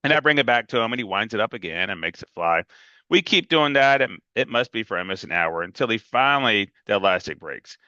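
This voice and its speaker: A man's voice: lowish voice, expressive, fairly quick, sharp tone, no echo, highs cut off. A man reading a novel aloud in a casual, emphatic first-person storytelling manner. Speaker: reader.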